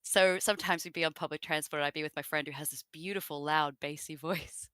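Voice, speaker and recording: An Australian woman chats freely as an interview guest, wandering through her thoughts with plenty of asides. Her voice is bright and smooth, sitting a little low. The mic is close and dry. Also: steady tone, fast, no echo. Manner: chatty and rambling, with many fillers and asides. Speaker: voice actress guest. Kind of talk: casual interview chat.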